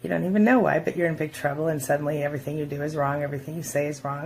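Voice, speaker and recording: A woman speaks candidly to her viewers in a low register with a gravelly fry. She slips into mocking voices for quoted remarks as she talks, and a faint hiss sits under her voice. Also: steady tone, racing, darkish tone. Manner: frank, conversational, acts out quoted voices mockingly. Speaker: relationship advice vlogger. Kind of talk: casual advice talk to camera.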